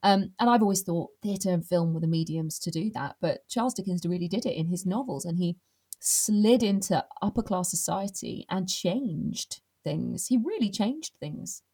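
Woman guest on a podcast, super expressive, goes quiet then loud, recording from home. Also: on the low side, normal speed, breathy edge. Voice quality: animated, expressive storyteller, swings loud and soft. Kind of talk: casual interview chat.

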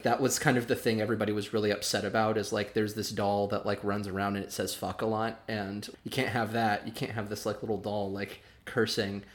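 Animated male podcast co-host. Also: on the low side, brisk, hardly any pauses. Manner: animated, many fillers, laughs. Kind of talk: casual chat.

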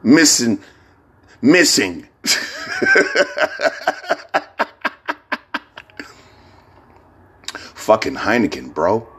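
Slow-drawling profane man, lively pitch. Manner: profane, laughing, shout-outs, slow drawl. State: hungover. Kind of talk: rambling casual vlog monologue.

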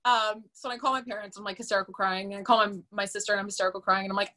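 A young woman with a bright, forward voice tells a story as a podcast guest. She is animated and chatty, full of fillers, and her pitch sits in the middle range. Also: rapid-fire, hardly any pauses. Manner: animated and chatty, many fillers, laughs often. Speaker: podcast guest, musical theater performer. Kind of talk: casual interview storytelling.

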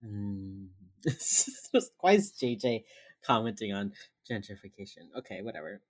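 Very low-voiced woman, chatty recap. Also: measured pace, husky. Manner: animated retelling, acting out characters' lines, laughs often. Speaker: podcast co-host recapping a TV episode. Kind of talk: casual chat.

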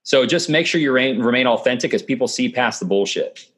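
A man's voice: medium pitch, expressive, quick pace, fairly bright tone. A man being interviewed over a video call, giving sales advice in a confident, coaching tone. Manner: confident, coaching tone with frequent "okay" and "right". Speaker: guest. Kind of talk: remote podcast interview.

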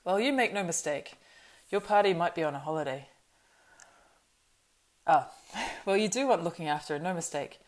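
A woman playing a flustered, loud male innkeeper. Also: on the low side, lively intonation, moderate pace, long pauses, lightly acted. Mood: fussing. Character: nervous talkative male innkeeper, stout and fussy. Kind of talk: audiobook reading.

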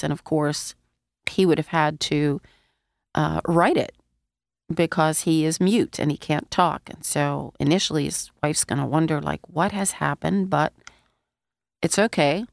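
Woman Bible teacher, low gravelly voice, unhurried sermon delivery, lozenge in her mouth. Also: steady tone, no echo, clean studio sound. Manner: conversational, asks the listeners questions.

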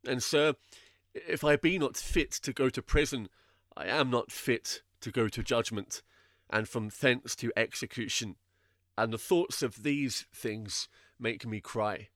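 A man's voice: mid-range voice, unhurried, fairly bright tone, dry recording, studio quality, lightly acted. A man reading as an earnest burdened pilgrim. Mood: pleading. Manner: solemn, archaic phrasing. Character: anxious burdened male pilgrim, earnest and pleading.

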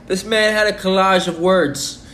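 A man's voice: sits high, fairly even intonation, a little slow, fairly bright tone. Young man co-hosting, profane slangy banter. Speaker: podcast co-host. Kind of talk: casual podcast chat. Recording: echoey room with faint noise.

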